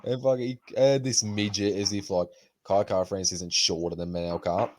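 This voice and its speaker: A man's voice: lowish voice, normal speed. A young man hosting a casual podcast, talking loosely and swearing often. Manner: swears a lot, animated retelling with put-on quotes. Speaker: podcast host. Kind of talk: casual chat.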